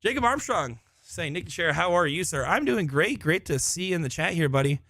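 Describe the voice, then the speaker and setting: A man's voice: on the high side, sing-song, brisk, bright, forceful tone, dry recording, studio quality. A man giving live solo commentary at a darts tournament in a busy room, chatting with viewers and joking about himself. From Florida. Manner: chatty, joking, self-deprecating.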